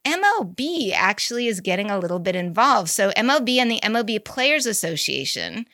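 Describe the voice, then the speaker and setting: A woman co-hosting a podcast, chatting casually about news with quick asides and easy laughs. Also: medium pitch, big pitch swings, bright, forceful tone, dry recording, studio quality. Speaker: podcast co-host. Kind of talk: casual chat about girls' baseball news.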